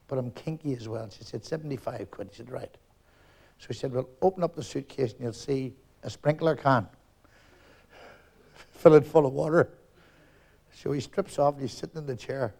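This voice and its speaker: A man's voice: medium pitch, vocal fry, dark tone. A man in his sixties with a Northern Irish accent, doing live stand-up on a theatre stage and rattling off jokes while acting out the voices in them. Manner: rapid joke-telling, acting out characters in dialogue. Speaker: stand-up comedian.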